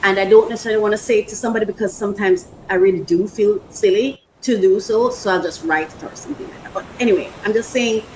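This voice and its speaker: A woman's voice: mid-range voice, fast talker, hardly any pauses, a little mellow, a little hiss or hum, low-quality recording. A woman hosting a casual unboxing vlog, rambling, emotional and repeating herself. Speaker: podcast host.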